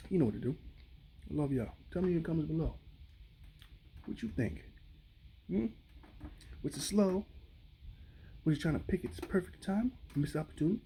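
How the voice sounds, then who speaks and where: Young male vlogger, slangy comic commentary, lively up-and-down delivery, slightly high voice, indoors at home. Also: gravelly, slight background noise, poor audio. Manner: joking, slangy, rhetorical questions to viewers. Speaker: vlogger reacting to an animal clip.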